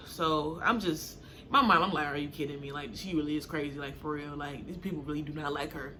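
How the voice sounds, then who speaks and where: A young woman casually telling a story to camera, acting out what people said with sudden high jumps in her voice. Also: brisk, slight background noise. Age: young adult. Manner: animated, acts out quotes with sudden high pitch jumps. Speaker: storytime vlogger.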